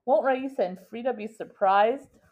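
A woman's voice: a little high, moderate pace, darkish tone, voice pushed up, lightly acted. A woman reading a scared little girl pleading. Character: nine-year-old girl, scared and pleading. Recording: dull lo-fi recording.

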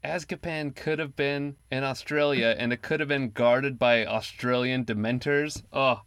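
A man's voice: medium pitch, steady tone, a little slow, a bit bright, clear, resonant tone, no echo, clean studio sound. A man in casual book club talk, hesitant and repeating his words. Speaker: book club podcast member. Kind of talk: casual chat.

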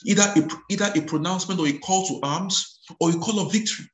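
With a high voice and a roomy sound, a man delivers a sermon full of repeated words, restarted phrases and cries of hallelujah. When he reads scripture aloud, he does so slowly and with weight.

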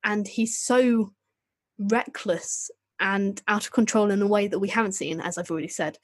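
A woman's voice: medium pitch, fairly even intonation, normal speed, no room sound. A woman co-hosting a podcast, chatting casually and enthusiastically, with a self-deprecating manner. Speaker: podcast co-host. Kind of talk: casual chat about a TV show.

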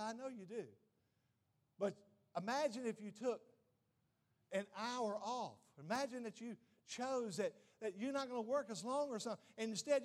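High-voiced man preaching with emphasis. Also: darkish tone. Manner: emphatic preaching, repeats "watch this", asks the congregation questions. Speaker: pastor. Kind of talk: sermon.

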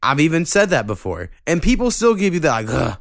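A man hosting a casual podcast, ranting and swearing freely, getting animated when annoyed. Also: on the high side, fast, no echo, studio quality. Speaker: podcast host.

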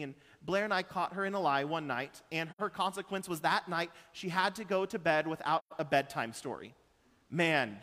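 Earnest high-voiced pastor preaching. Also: male voice, a bit bright. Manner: earnest, conversational, with asides to the congregation. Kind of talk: sermon. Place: church sanctuary. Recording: church hall with long reverb.

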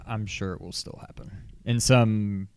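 A man with a lowish voice chatting casually as a podcast co-host, low-key and noncommittal, his sentences trailing off quietly. The sound is close and dry. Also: fairly even intonation, a little slow, vocal fry, dry recording. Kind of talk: casual chat.

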